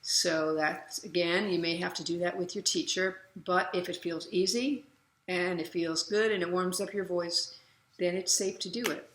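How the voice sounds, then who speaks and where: A middle-aged woman voice teacher giving a casual lesson, relaxed and chatty, breaking into loud vocal demonstration sounds. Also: lowish voice, normal speed, reverberant, a little hiss or hum.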